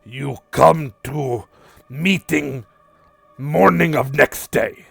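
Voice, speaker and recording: A man voicing a small, spiky, muscular male creature messenger who speaks slow, broken English. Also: a little high, vocal fry, breathy edge, no echo, heavily acted. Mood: deliberate.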